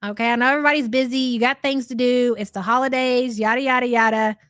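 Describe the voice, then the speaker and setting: High-voiced chatty middle-aged woman. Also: steady tone, fast talker, fairly bright tone, clean tone, no echo, studio quality. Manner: chatty, profane, rambling. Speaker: live stream host. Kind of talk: casual live-stream commentary.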